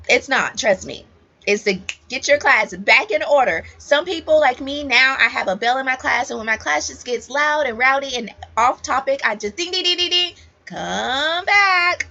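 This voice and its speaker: A woman's voice: a little high, pushed and bright. A woman ESL teacher giving casual, emphatic advice to new teachers, repeating key points straight to the viewer. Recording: dull lo-fi audio.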